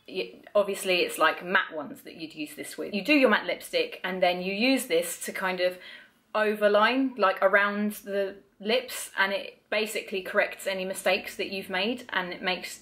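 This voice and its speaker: A woman's voice: mid-range voice, fairly bright tone. Young woman, casual beauty vlogger, chatty and blunt, swears a lot, self-mocking. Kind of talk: casual product review.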